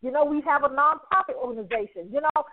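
Woman, talk show host, high voice, encouraging, phone-line sound. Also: quick pace, a little hiss or hum. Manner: effusive, encouraging, laughs often. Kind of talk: radio talk show hosting.

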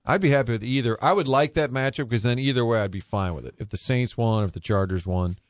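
A man co-hosting a talk show, relaxed and joking, thinking his football picks through out loud. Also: mid-range voice, fast, dry recording. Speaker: show co-host. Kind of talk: casual sports chat.

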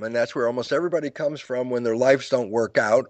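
A man's voice: medium pitch, fast, hardly any pauses, no room sound. A man as an interview guest, explaining ideas like a lecturer, acting out quoted dialogue and chuckling at his own points. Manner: storytelling lecturer who acts out quoted dialogue. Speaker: guest author.

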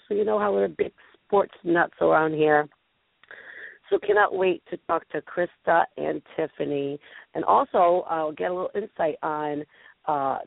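A woman's voice: on the low side, gravelly, no echo. A woman hosting an online talk-radio show in a bubbly, rambling, chatty way. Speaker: host. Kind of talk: casual talk-radio chat. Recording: tinny phone-like line, dry.

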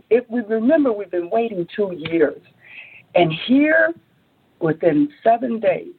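A woman entrepreneur, interviewed as a guest, tells a story with animation, acting out quotes and rising high when excited, with many restarts. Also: breathy edge. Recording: phone-like narrow audio.

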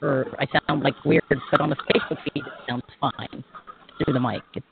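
A man's voice: mid-range voice, steady tone, fairly quick, gravelly. A man hosting a casual live stream, thinking aloud and laughing while he fixes his audio. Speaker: radio show host. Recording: tinny phone-like audio with faint noise.

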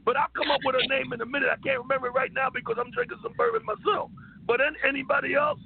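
Guy putting on a squeaky high rowdy old uncle, gravelly, bragging and shouting on a radio show. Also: very fast, a little hiss or hum. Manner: stammering, boastful, bawdy jokes. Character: rowdy boozy old man Uncle Ike. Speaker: regular comic character. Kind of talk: comic radio call-in bit. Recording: tinny phone-line radio audio.

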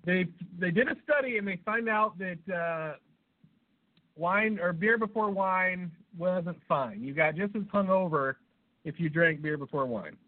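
Expressive and measured, this male co-host's voice sits high, though a cold leaves him sounding stuffed up. He rambles through crude banter and laughs at his own jokes on a podcast recorded with tinny, phone-like sound.

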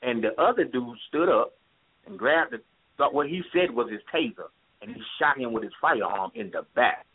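A man's voice: medium pitch, expressive, moderate pace, slightly rough. Impassioned man on a tinny phone line. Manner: impassioned, repeats points for emphasis. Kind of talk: phone-in talk radio.

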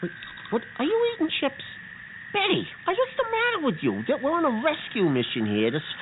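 A man playing an excitable, stammering boy bean. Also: fairly high pitch, fairly quick. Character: earnest tween boy bean. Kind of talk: children's radio play. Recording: tinny lo-fi radio with hiss.

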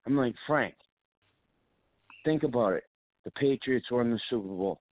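A man's voice: medium pitch, measured pace, long pauses, no room sound. A man hosting casual sports radio banter, ranting and swearing as he mimics friends. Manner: profane, ranting, mimics others in quotes. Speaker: sports talk host. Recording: tinny phone-like line.

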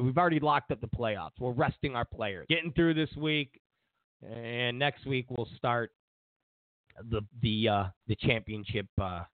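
A man's voice: medium pitch, dry recording. Rambling man on a tinny line. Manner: rambling, digressive and sarcastic. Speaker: show host. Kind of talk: political commentary. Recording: tinny phone-like dry recording.

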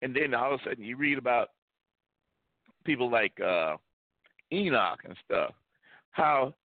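A man's voice: fairly high pitch, dry recording. A male pastor preaching a sermon with emphasis, repeating key phrases. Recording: tinny phone-like line, dry.

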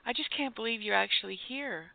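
Brief: starstruck woman host, gushing and breathless, creaky edge, narrow phone-like sound. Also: on the high side, fairly quick, no echo. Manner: gushing, giddy, breathless fangirl. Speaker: comedy segment host. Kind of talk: comic radio bit.

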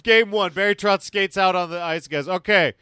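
A man co-hosting a casual sports podcast, profane and jokey, getting excited as he talks. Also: sits high, normal speed, clear, resonant tone, no room sound. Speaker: podcast co-host.

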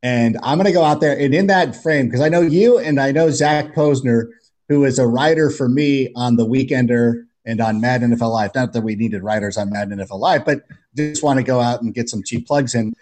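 A man chatting as a podcast guest, telling jokey stories in an animated way. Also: medium pitch, fairly quick. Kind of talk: casual storytelling chat.

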